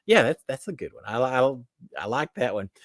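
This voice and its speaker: A man's voice: mid-range voice, very animated, normal speed, dry recording. Rambling middle-aged man, dry room. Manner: rambling, self-deprecating, many restarts. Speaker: livestream host. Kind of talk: casual chat reading viewer comments.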